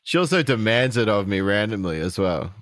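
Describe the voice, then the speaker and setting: A man's voice: fairly low pitch, animated, a little fast, a bit bright, no room sound, studio quality. A man co-hosting a podcast, teasing and playful, swearing freely in casual chat. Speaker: podcast co-host.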